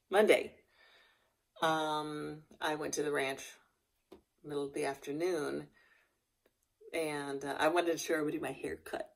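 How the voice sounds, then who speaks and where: A woman vlogger telling a rambling, animated story in a casual chatty way. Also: sits low, vocal fry.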